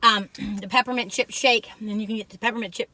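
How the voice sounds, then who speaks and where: A woman's voice: mid-range voice, fairly even intonation, fast, pushed and bright. An older woman, chatting and rambling as she tells stories in a food review vlog. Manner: chatty and rambling, acts out quoted voices. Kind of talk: casual storytelling chat to camera.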